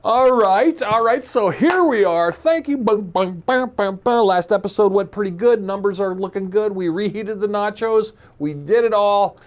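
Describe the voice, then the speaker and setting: A man hosting a podcast in casual chat, a goofy, animated storyteller. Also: high-pitched, moderate pace, few pauses. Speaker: podcast host.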